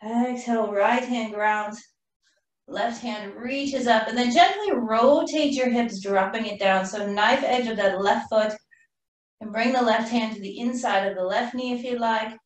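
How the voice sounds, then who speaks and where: A woman teaching a live yoga class, cueing poses calmly while doing the flow herself and running out of breath. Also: fairly high pitch, measured pace. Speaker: yoga instructor. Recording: roomy echo from far off the mic.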